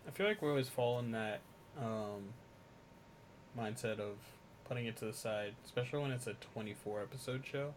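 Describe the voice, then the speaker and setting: Male podcast co-host, casual, animated with loud outbursts. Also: normal speed, a little hiss or hum. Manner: animated, swings from low mumbles to loud exclamations. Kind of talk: casual chat.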